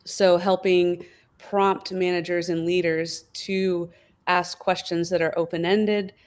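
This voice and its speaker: A woman speaking as a guest on a workplace wellbeing panel, thoughtful and lively, now and then acting out what people think. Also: on the low side, takes it slowly. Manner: thoughtful, lively, acts out quoted inner voices. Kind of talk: panel discussion.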